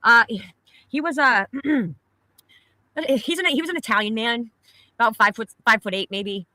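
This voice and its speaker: A woman's voice: a little high, measured pace, pushed and bright, no echo. A middle-aged woman from Pennsylvania, telling a personal story in a rambling, blunt and profane casual chat.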